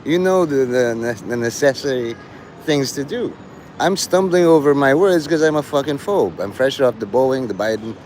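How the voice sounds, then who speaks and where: Male streamer, mid pitch, rambling and profane, recorded outdoors with faint traffic behind. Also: moderate pace, a little mellow, rough recording. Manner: rambling, profane, jumps between topics. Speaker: livestreamer. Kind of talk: rambling live-stream monologue.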